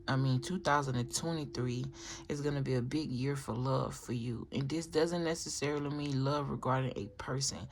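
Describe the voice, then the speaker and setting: Here a tarot reader's voice is medium-pitched, gravelly, and fairly bright. The reading is casual and rambling, full of restarts and filler asides, and she chats directly to her viewers.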